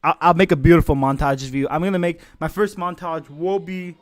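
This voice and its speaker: A man casually commentating an esports match on his live stream, joking and swearing, with bursts of excited shouting. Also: on the high side, fairly quick, dry recording.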